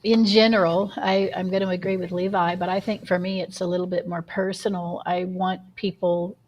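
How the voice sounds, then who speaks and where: A woman co-hosting a panel show as a high priestess, answering in an earnest, personal way with hesitant restarts. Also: flat delivery, moderate pace, darkish tone, slight background noise.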